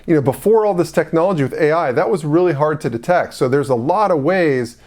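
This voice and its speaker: A man's voice: a little high, expressive, brisk, a little mellow. A middle-aged man hosting a business advice video, talking casually straight to the viewer and asking them questions. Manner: conversational, asks the viewer questions, fillers like "you know". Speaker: host of a business advice channel. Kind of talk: casual direct-to-camera explainer.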